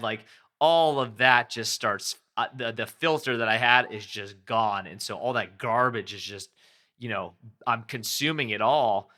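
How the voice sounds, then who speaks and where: A man's voice: medium pitch, a little slow, pushed and bright. A man hosting his own podcast, talking candidly and rambling a little, correcting himself as he goes. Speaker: podcast host. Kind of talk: reflective solo podcast talk.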